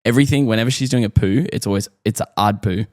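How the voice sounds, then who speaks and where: A man's voice: on the low side, quick pace, darkish tone, no echo, studio quality. An Australian man in his thirties, a father chatting casually and earnestly on a parenting podcast, rambling as he talks things through. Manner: rambling, earnest, self-questioning. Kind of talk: casual chat.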